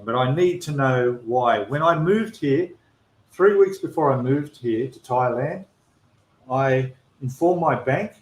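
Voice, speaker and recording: Aussie guy ranting on a live stream, fed up and emphatic, mid-pitched, echoey room. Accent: Australian. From Australia. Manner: exasperated, emphatic complaining with repeated restarts. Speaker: channel host. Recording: roomy echo.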